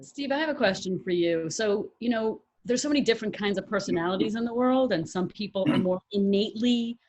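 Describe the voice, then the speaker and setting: A woman's voice: medium pitch, fairly quick, a little mellow. A woman hosting an interview, asking her guest long, conversational questions. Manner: conversational, rambling questions with fillers. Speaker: host.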